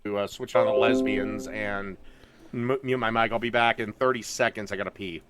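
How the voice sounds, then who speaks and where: A man's voice: on the low side, steady tone, moderate pace, loud music behind the voice. A man chatting casually on a live stream in a laid-back way.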